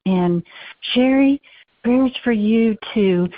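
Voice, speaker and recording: A woman's voice: a little high, slow, no room sound. A woman caller leaving a heartfelt voicemail full of well-wishes for a radio host. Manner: warm, heartfelt well-wishing. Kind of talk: voicemail message to a radio show. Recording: tinny phone line, dry.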